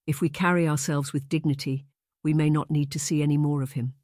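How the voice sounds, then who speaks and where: A narrator voicing a composed, sharp-tongued young lady who speaks flat and measured. Read close and dry as an audiobook character. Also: mid-range voice, no echo, natural voice.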